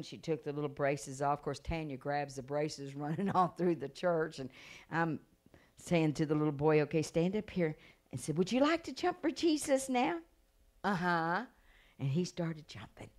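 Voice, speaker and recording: A woman evangelist telling a healing story in a sermon, acting out the people she quotes and rising to loud praise. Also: deep voice. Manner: storytelling with acted quotes, building to shouted praise. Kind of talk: sermon testimony.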